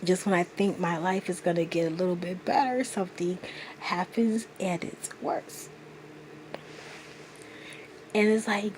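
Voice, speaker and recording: A woman's voice: mid-range voice, takes it slowly, long pauses, a little mellow, slight background noise. A woman in her thirties talking straight to camera in a confessional vlog, earnest and emotional as she confides in her viewers. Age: 30s. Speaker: vlogger.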